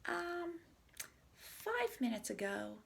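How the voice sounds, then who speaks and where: A woman's voice: sits high, sing-song, takes it slowly, gravelly, fairly bright tone, slight background noise, voice pushed up, full character voice. A woman voicing a cheerful little pig girl who pretends to be a frog, reading from a picture book. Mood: matter-of-fact.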